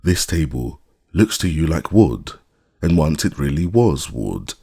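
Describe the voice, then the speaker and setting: A man's voice: extremely low pitch, very animated, measured pace, dark tone, husky, heavily acted. A man voicing a boastful old male magician who lectures about his own inventions.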